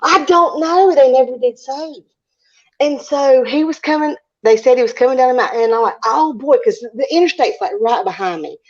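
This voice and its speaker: A woman telling a story on a casual live call-in stream. She is animated, laughs often and acts out what she said. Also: high-pitched, normal speed. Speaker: panelist. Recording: muffled stream audio.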